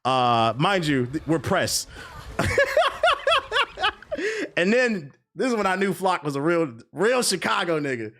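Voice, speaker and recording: Man, gaming streamer, casual storytelling, profane slang, lively swinging pitch. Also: a little slow, pauses often.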